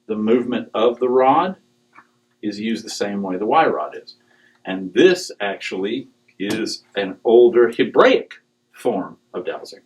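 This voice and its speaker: A middle-aged man giving a humorous talk to a live audience, animated and joking, with digressions and acted quotes. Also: lowish voice, unhurried, poor audio. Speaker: speaker on dowsing.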